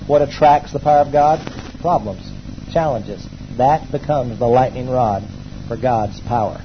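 A man preaching a sermon to a congregation, emphatic, swinging between loud exclamations and low asides and calling on the people to respond. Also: measured pace, muffled recording, a little hiss or hum. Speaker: pastor. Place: church hall before a congregation.

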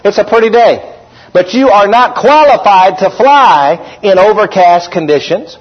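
A man preaching a lively sermon as pastor, calling out to his congregation. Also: sits high, unhurried. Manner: animated preaching, calls out to the congregation. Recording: dull lo-fi recording.

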